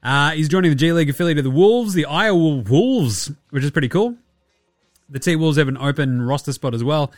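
This young Australian man hosts a casual basketball podcast, speaking in a brisk, animated, fairly high voice. He's sarcastic and profane, often mimicking the people he discusses in mocking voices. The studio audio is clean and echo-free.

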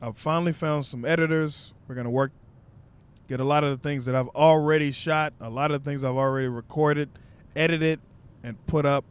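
A man's voice: a little high, steady tone, brisk, smooth. A young man vlogger telling a comic story in loose, profane, conversational talk.

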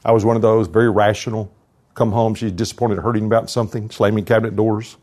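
A man's voice: lowish voice, level tone, fast, darkish tone. Older man, earnest devotional speaker. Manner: earnest storytelling with prayer. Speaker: conference speaker. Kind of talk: live devotional talk. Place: conference hall.

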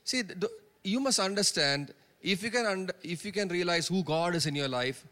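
A man's voice: high voice, expressive, normal speed, bright, forceful tone. Man preaching in a reverberant church. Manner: emphatic preaching with repeated phrases and call-and-response "Amen?". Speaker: pastor. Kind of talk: sermon. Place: church sanctuary. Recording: long reverb of a church hall.

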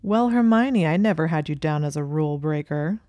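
A woman voicing a smooth, insincere teenage boy who wheedles and pushes. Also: sits low, moderate pace, warm tone, no room sound, clean studio sound. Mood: teasing. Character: smooth insincere young male student, wheedling.

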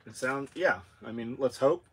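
A man's voice: medium pitch, moderate pace, breathy edge. A man appearing as a guest on a podcast, trading wisecracks and conspiratorial asides in casual chat.

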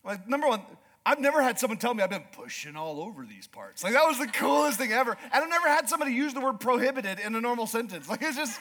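A middle-aged man from Alaska, a pastor preaching a sermon through an animated personal story, sometimes mimicking slow drawling voices. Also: very high-pitched.

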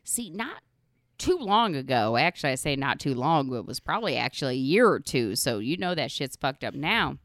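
A woman's voice: rumbling low, very animated, brisk, a bit bright, no room sound, clean studio sound. A woman in her forties hosting a podcast, telling crude comic stories and laughing often. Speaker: podcast host. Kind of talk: casual comedic storytelling.

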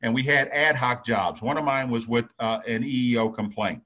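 A man in his sixties, a retired executive, talking earnestly as an interview guest and telling a story in a measured way, often repeating words as he thinks. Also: mid-range voice, sharp tone. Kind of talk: conversational storytelling.

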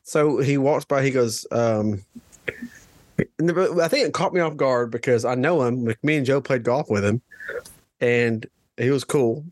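A man's voice: medium pitch, measured pace, darkish tone, dry recording. Casting: male podcast co-host, casual rambling storyteller, laughs easily, dry close sound. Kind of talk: casual chat.

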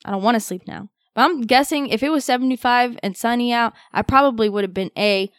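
A woman, co-hosting a podcast, lively and laughing easily as she tells stories. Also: on the high side, fast, no room sound, studio quality. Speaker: podcast co-host. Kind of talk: casual podcast chat.

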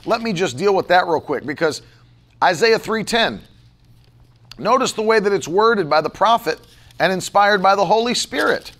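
A man's voice: sits high, expressive, normal speed, a bit bright. A man pastor preaching a sermon, emphatic and repetitive, firing off rhetorical questions.

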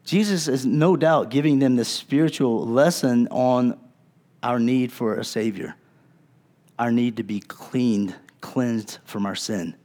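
Conversational male pastor preaching a sermon. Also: slow pace. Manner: conversational, acts out quotes in voices; wide swings in loudness, drops low and soft for emphasis.

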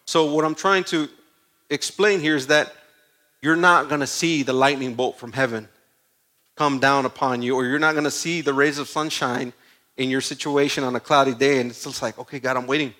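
A man preaching a sermon in a conversational, animated way, full of asides and stories. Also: mid-range voice, moderate pace.

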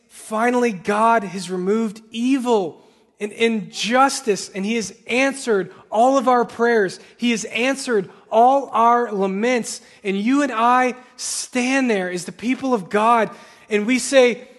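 Pastor guy preaching, high voice, slow and earnest, big echoey church hall. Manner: earnest, rising to impassioned pleading. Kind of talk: sermon. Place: church sanctuary. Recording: long hall reverb.

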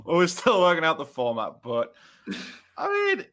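Lively bright-voiced podcast host. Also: male voice, on the high side, normal speed. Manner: laughing, easygoing. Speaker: podcast host judging pitches. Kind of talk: casual podcast chat.

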